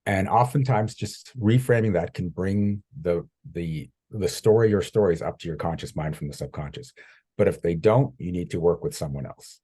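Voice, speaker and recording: Husky low-voiced man telling stories. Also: moderate pace. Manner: animated storyteller, acts out quoted voices. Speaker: guest coach. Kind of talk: conversational interview.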